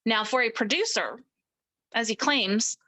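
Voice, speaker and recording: A woman's voice: fairly high pitch, measured pace, pushed and bright, rough recording. A middle-aged woman, an interview guest, recounting a personal story emphatically and acting out the people she quotes.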